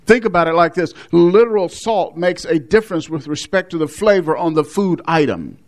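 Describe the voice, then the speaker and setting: A male pastor delivers a measured sermon. His voice sits fairly high for a man, and he leans hard on repeated words for emphasis. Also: animated. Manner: measured preaching with emphatic repetitions.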